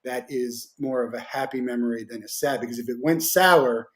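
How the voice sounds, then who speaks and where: A man hosting a podcast, talking casually in a halting way, often restarting sentences while he searches for words. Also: medium pitch. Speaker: podcast host. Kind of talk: casual interview talk.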